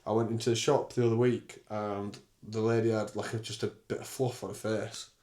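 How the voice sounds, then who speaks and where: Blunt, swearing man, lowish voice. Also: flat delivery, brisk, a little mellow. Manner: candid, blunt, casually swearing. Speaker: podcast host. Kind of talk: casual solo monologue.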